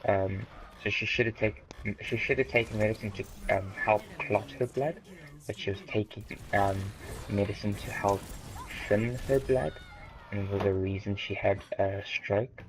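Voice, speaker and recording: A man's voice: lowish voice, fairly even intonation, unhurried, slight background noise, low-quality recording. A teenage boy, co-hosting a casual podcast chat, rambling and correcting himself as he jokes. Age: teens. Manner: rambling, self-correcting, joking. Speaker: podcast host.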